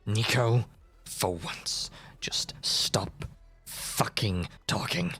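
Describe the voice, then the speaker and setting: A furious drawling party host. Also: male voice, fairly low pitch, sing-song, drawn-out words, vocal fry, bright, forceful tone, slightly rough, whispered, heavily acted. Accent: Southern US. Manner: angry, swearing, with a drawl. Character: furious young man, party host in a rage.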